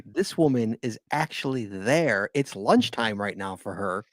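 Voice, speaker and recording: A man hosting a casual podcast, teasing his co-hosts in a playful, lively way. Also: on the low side, measured pace, dry recording, clean studio sound. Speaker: podcast host. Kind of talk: casual live podcast chat.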